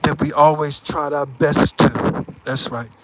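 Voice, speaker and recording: A man's voice: on the high side, flat delivery, a little slow, slight background noise, poor audio. A man chatting loosely to viewers of his livestream as he walks outdoors in the city, rambling from one thing to the next. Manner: rambling, talks to viewers while walking. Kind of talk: casual livestream chat.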